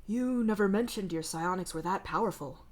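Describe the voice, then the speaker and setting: A woman's voice: medium pitch, normal speed, a little mellow, lightly acted. A woman reading aloud as an eager, insistent female researcher in a live story reading.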